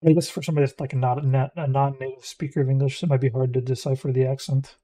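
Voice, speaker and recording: Mellow rambling American man gaming. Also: medium pitch, level tone, quick pace, low-quality recording. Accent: Florida, mild Midwestern. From United States. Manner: rambling, musing aloud. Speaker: gaming streamer. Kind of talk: casual game commentary.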